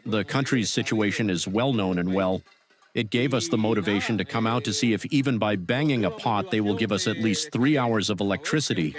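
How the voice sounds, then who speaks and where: A man reads an interview translation as a voice-over in an earnest, plain tone. His voice is fairly low, and a crowd is clearly heard behind him. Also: fairly quick.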